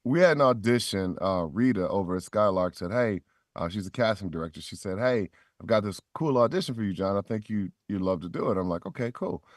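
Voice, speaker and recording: A middle-aged man with a low voice tells stories as a podcast guest. He acts out the voices he quotes and swings through his pitch. The sound is dry and close. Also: animated, fairly quick, dry recording. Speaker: voice actor guest. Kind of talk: storytelling in a podcast interview.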